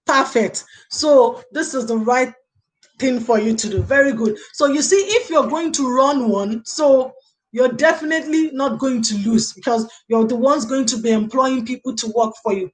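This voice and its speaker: A woman's voice: sits high, moderate pace. A woman hosting a casual live stream as a lecturer, chatting and answering viewers' comments in a rambling way, often saying "okay" and "you know". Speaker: live show host and early childhood lecturer.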